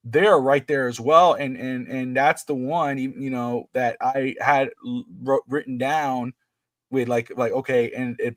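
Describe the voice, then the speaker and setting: A man's voice: mid-range voice, dry recording. A middle-aged man co-hosting a wrestling podcast in casual chat, rambling and restarting his sentences. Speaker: podcast co-host.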